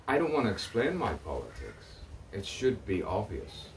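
A man's voice: on the low side, huge pitch swings, moderate pace, few pauses, far from the mic, slight background noise. A man outdoors delivering a rambling spoken-word monologue, repeating phrases and playing with rhyming words. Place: outdoors in the sun.

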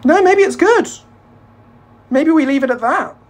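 A man's voice: very high voice, lively intonation, measured pace. A British man hosting a casual baking livestream, joking, self-deprecating and rambling as he chats with his viewers. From Britain. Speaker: livestream host.

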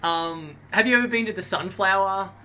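A man's voice: sits high, moderate pace, bright, forceful tone, slight background noise. A man from Australia, a podcast guest chatting casually and telling travel stories. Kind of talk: casual chat.

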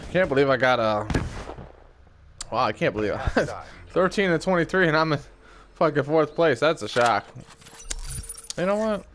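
A man commentates his own gameplay in an exasperated, profane rant, his voice sitting high and leaping around in pitch. He drags his words out slowly into mocking chants. Loud game gunfire and explosions play under him. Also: animated, vocal fry, a little hiss or hum. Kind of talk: live gaming commentary.

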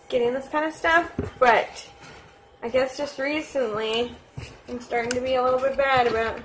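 A young mother talks casually to the camera at home, her voice high and her pace slow and easygoing. She drifts into a sing-song coo whenever she speaks to her baby, over noisy home-video audio. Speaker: vlogger, mother. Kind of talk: casual home vlog chat. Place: home, indoors.

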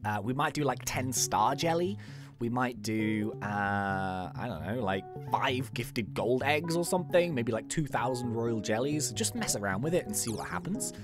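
A woman's voice: a bass voice, expressive, normal speed, over music. A woman giving casual commentary while playing a video game, rambling with many ums and likes. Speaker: gaming YouTuber.

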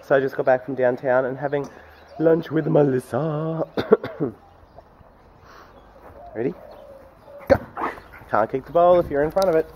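A man's voice: on the high side, a little slow, pauses often, darkish tone, a little hiss or hum. A man chatting casually in a daily vlog, playful as he talks to his dog at home. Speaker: vlogger.

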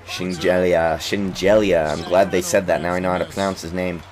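A young man giving casual, excitable let's-play commentary on a basketball game, coughing now and then while getting over an illness and trash-talking the players on screen. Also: low-pitched, fast talker. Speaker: gaming YouTuber.

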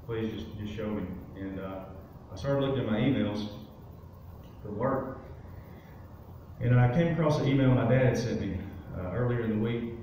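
A guest speaker in a church sanctuary tells a personal story as his testimony, rambling conversationally with many fillers. He has a lowish voice and a moderate pace. The audio, captured from far away in a very echoey space, has its highs cut off and slight background noise.

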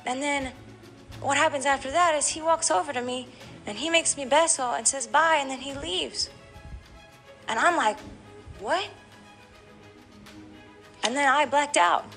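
A woman with a bright, somewhat high voice recounts a painful personal story as a podcast guest. She tells it with animated emotion, acting out the voices of others. Soft music plays underneath. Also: moderate pace. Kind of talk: candid podcast interview.

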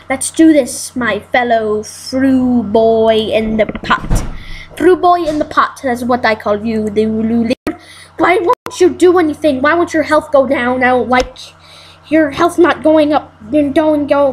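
Woman, high-pitched, exasperated gameplay commentator who exclaims and repeats lines. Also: slight background noise, low-quality recording. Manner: frustrated, exclaiming, repeats herself while playing. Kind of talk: casual let's-play commentary.

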